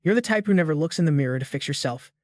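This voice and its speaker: A man voicing a cold, ruthless young male hero in a comic recap, speaking in a flat, menacing way. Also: on the high side, very fast, no room sound, clean studio sound, lightly acted.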